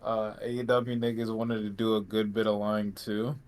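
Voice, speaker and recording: A man's voice: lowish voice, monotone, moderate pace, darkish tone. Man ranting sarcastically on a podcast. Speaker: podcast co-host. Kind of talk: casual wrestling podcast chat.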